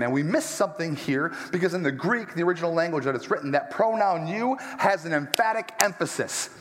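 A male pastor preaching a sermon in a church sanctuary, his slightly high voice swinging widely in pitch. He talks in an animated, emphatic way, throws in joking asides and walks around as he preaches, while a long hall reverb trails each phrase. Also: brisk, hardly any pauses.

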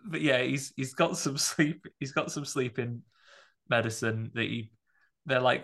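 A man's voice: mid-range voice, measured pace, a bit bright. A man in casual podcast chat, animatedly retelling a film's plot and acting out the characters' lines. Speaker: podcast co-host. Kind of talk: casual chat recapping a film.

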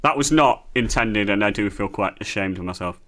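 Bright, giggly male podcast comedian. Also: on the low side, a little fast. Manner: giggly, self-mocking, teasing. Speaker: podcast co-host. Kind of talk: bickering comedy podcast chat.

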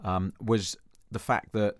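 Man from Jersey, 50s, interview guest: low, reflective, restarts often, dry close mic. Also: fairly even intonation, takes it slowly, dry recording. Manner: thoughtful, many restarts, self-deprecating humour. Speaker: interview guest, former footballer.

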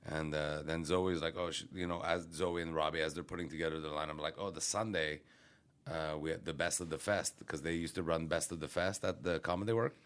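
Low-voiced male comic, casual podcast storyteller, swears freely, restarts sentences. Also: fairly even intonation, a little fast, fairly bright tone, smooth. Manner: rambling, profane, self-interrupting. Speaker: comedian. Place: radio studio.

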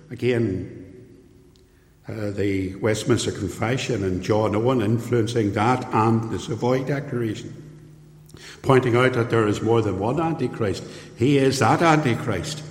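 A man preaching a sermon in an earnest, emphatic way, rising higher on his key points. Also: lively intonation, a little slow. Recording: echoey hall with long reverb.

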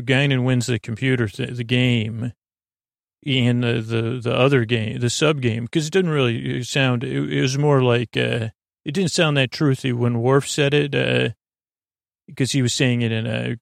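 A man hosting a podcast, giving a sleepy bedtime recap of a TV episode in a rambling, halting way with lots of fillers. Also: mid-range voice, creaky, no room sound, studio quality. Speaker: podcast host.

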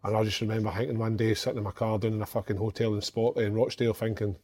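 A man's voice: on the low side, very fast. A man, a former footballer telling stories in a casual chat and swearing freely. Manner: swears freely, animated storyteller.

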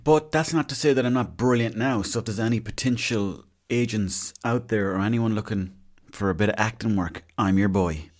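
A man's voice: on the low side, moderate pace. An Irish man in his thirties hosting a casual solo podcast, rambling and self-mocking as he chats. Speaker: podcast host.

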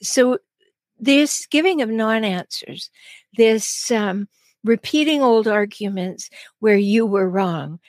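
A woman with a mid-range voice and no echo hosts a solo advice podcast as a relationship coach. She talks earnestly, leaning on key phrases for emphasis.

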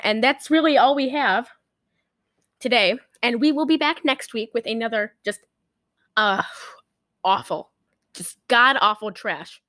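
Giggly high-voiced woman podcast host. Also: unhurried, pauses often, a bit bright, dry recording, studio quality. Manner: giggly, rambling, many fillers. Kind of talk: casual chat.

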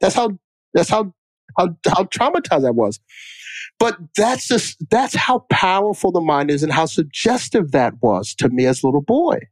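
Podcast guy, a bit high voice, tells stories with lots of emphasis, dry close mic. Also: sing-song, normal speed, dry recording. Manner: emphatic storyteller, repeats for emphasis. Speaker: podcast co-host. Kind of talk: casual chat.

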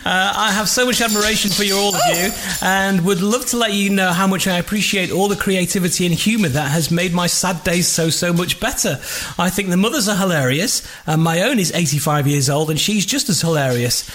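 A man's voice: high voice, brisk, hardly any pauses, a bit bright, a little hiss or hum. A man hosting a podcast, reading listener emails aloud in a jokey, casual way and laughing easily. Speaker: podcast host.

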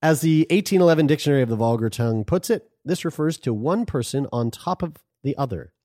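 A man's voice: on the high side, quick pace, dry recording, studio quality. A man co-hosting a casual podcast, reading items aloud in a crude, joking manner. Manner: animated, crude, laughs while reading. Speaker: podcast co-host.

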